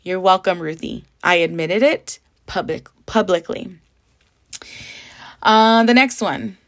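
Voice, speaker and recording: A woman's voice: on the low side, takes it slowly, fairly bright tone. Chatty candid woman podcaster. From Southern California desert. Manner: candid, chatty, swears freely, code-switches to Spanish. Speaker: podcast host. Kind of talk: casual solo podcast chat.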